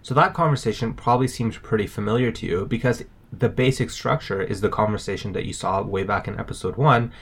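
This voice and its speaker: A man's voice: fairly low pitch, brisk, few pauses, slightly rough. A man co-hosting a language lesson, explaining words steadily. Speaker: language podcast co-host.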